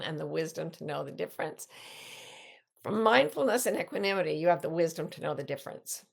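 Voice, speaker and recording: An older woman hosting a reflective casual talk, telling stories in an animated way and often restarting mid-sentence. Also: lowish voice, creaky. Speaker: podcast host and life coach.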